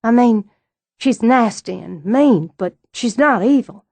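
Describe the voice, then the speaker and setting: A woman voicing an eager, worried young woman in an audiobook, quick and questioning. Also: fairly high pitch, expressive, vocal fry, a little mellow, no echo, exaggerated voice. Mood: curious.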